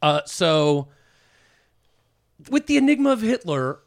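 A man's voice: high-pitched, sing-song, slow. A man presenting as a guest on a casual podcast, explaining with lots of fillers and restarts. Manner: hesitant, full of fillers.

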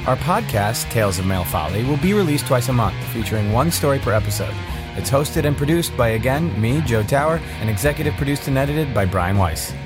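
A man's voice: mid-range voice, animated, fairly quick. A man hosting a podcast, reading the closing announcements and plugs in a plain, friendly way. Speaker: podcast host and producer. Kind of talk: scripted outro announcements. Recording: music playing under the voice.

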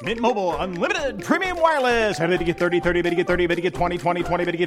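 An actor playing a fast-talking auctioneer in an ad, rattling off prices in an auction chant over music. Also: male voice, high voice, lightly acted. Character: fast-talking male auctioneer, brisk and showy. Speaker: reverse auctioneer in an ad.

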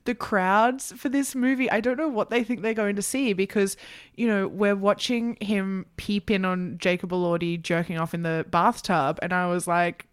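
A woman chatting casually on a podcast, her voice smooth and resonant. She rambles with fillers and swears freely, recorded close and dry. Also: medium pitch, steady tone, moderate pace, no room sound. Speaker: podcast co-host. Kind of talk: casual chat.

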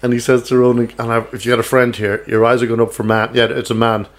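A man's voice: mid-range voice, little pitch movement, fast talker. Irish man telling pub stories. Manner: rambling storyteller, laughs often. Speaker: podcast co-host. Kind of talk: casual pub chat.

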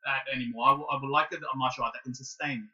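A man in his late thirties telling a casual story as a guest, animated and halting, with many restarts. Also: medium pitch, recorded from a distance, dull audio. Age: 30s. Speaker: guest, martial arts student.

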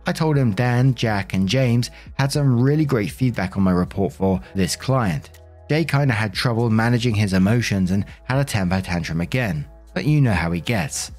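Brief: male narrator for online stories, calm and matter-of-fact, faint music underneath. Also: lowish voice, normal speed. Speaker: story reader and host. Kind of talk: reading online posts aloud with commentary.

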